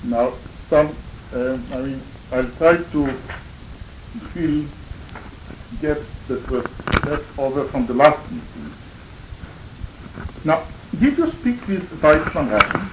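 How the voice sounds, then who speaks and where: A man interviewing, asking halting questions with frequent stammers and restarts. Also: on the high side, expressive, background noise. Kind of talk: recorded conversational interview.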